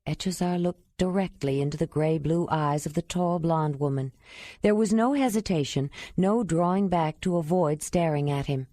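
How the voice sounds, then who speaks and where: Woman, audiobook narration, mellow tone, steady, dry sound. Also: deep voice, normal speed, no echo.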